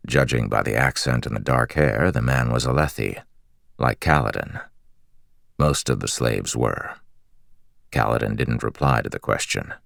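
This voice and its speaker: A man reading a fantasy audiobook in a measured, steady storytelling manner on a close studio mic. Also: extremely low pitch, vocal fry, no room sound. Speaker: audiobook narrator. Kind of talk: scripted fantasy narration.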